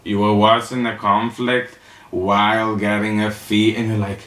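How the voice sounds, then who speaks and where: A comedian telling stories in a campy, sassy stand-up monologue, acting out the people in them. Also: male voice, on the low side, measured pace, a bit bright, slight background noise. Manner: campy, sassy storytelling with acted-out quotes. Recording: roomy echo.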